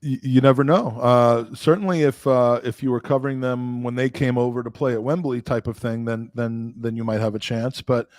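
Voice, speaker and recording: A middle-aged man co-hosting a podcast, chatting casually, animated and self-deprecating with stumbling restarts. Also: medium pitch, normal speed, few pauses, no echo. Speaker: podcast co-host. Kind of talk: casual chat.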